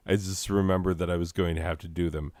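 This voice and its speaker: A man's voice: low voice, flat delivery, fast talker, a little mellow, no room sound. A man hosting a small comedy channel, chatting to himself in a self-mocking, rambling way.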